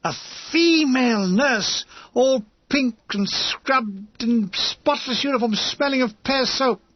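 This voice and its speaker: A man's voice: very high-pitched, slow, no room sound, lo-fi sound. A man reading a comic war memoir aloud as an audiobook narrator, with a wry, dryly comic delivery.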